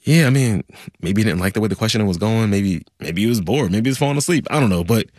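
Brief: male podcast host, low husky voice, lively delivery, dry studio sound. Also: quick pace, no echo. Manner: animated, chatty, explanatory. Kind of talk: conversational news podcast.

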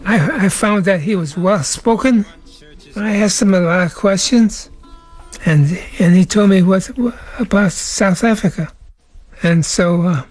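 An older American man giving short, halting interview answers in a soft-spoken way. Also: sits high, dry recording, faint music behind. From United States. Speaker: interviewee, musician.

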